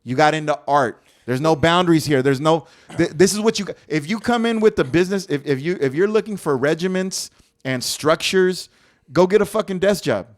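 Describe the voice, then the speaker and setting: A man in a loose podcast conversation makes his case with heat and plenty of cursing. His voice sits slightly high, and he hammers his points home with conviction. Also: a little fast. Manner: impassioned, profane, emphatic. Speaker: stand-up comedian and podcast co-host. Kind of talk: casual podcast debate.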